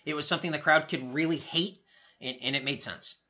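A man's voice: a little high, a little fast. A man co-hosting a podcast, casually recapping wrestling shows with swearing and playful acted-out quotes. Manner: animated, swearing, acts out quoted lines. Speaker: podcast co-host.

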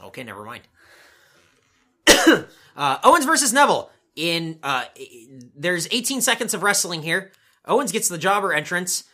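A podcast co-host rambles through a casual play-by-play wrestling recap, tossing in some swearing. His voice is a little high, very animated, pushed and bright, and he speaks a little slowly.

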